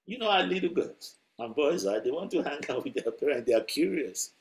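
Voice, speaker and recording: A man's voice: medium pitch, animated, normal speed, a bit bright. A man preaching a sermon through a story, conversational and chuckling as he tells it.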